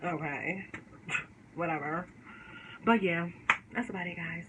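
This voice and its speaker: A woman vlogger telling a storytime to her viewers in slangy, animated casual talk. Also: on the low side, slow, noisy background.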